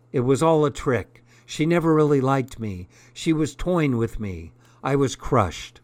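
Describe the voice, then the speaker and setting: A man narrating a first-person story aloud in an unhurried, deliberate reading. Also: mid-range voice, expressive, darkish tone, no echo. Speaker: audiobook narrator.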